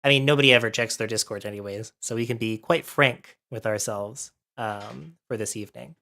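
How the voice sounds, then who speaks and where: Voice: medium pitch, fairly quick, gravelly, pushed and bright. A livestreamer chatting casually with viewers while setting up, a bit out of breath from allergies and thinking aloud.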